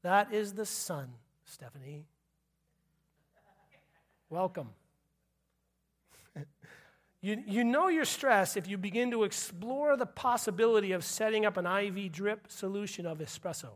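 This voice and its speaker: Male pastor, high-pitched, playful sermon delivery with running gags. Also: lively intonation, a little slow, pauses often. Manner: joking, repeats punchlines, laughs at himself. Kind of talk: sermon with humor.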